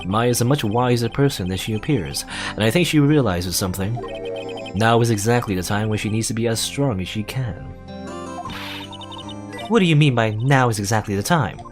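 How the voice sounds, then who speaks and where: A man voicing a calm, formal male prosecutor in a game, speaking in a measured way. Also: fairly low pitch, music in the background, natural voice. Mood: earnest.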